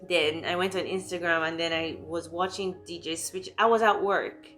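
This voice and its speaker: A young woman from Nigeria, talking candidly and emotionally in a personal vlog, quick and full of fillers. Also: on the low side, steady tone, a bit bright, faint music behind. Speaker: vlogger.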